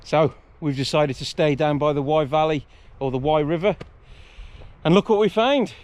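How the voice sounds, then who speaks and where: Out on a countryside trail, a British hiking vlogger narrates in a chatty, jokey, self-mocking way. His voice is on the high side and a little mellow, and he speaks at a moderate pace.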